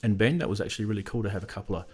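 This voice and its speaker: A man's voice: fairly low pitch, very fast, crowd noise. A man with an Australian accent hosting a casual live stream, rambling and greeting viewers in the chat by name. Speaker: host of a synth live stream.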